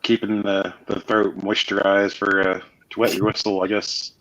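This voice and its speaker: A man's voice: on the low side, level tone, moderate pace, a bit bright. A laid-back, joking man in a casual livestream chat, heard on a dull lo-fi mic.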